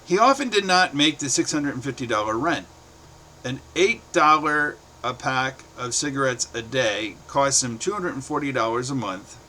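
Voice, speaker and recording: A middle-aged man from the United States reading his own short stories aloud, in a plain, steady way with brief pauses. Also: medium pitch, slight background noise.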